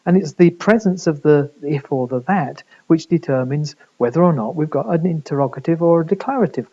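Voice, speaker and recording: A man's voice: on the high side, dark tone, highs cut off. A man giving a recorded university lecture, explaining step by step with frequent fillers and restarts. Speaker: linguistics lecturer.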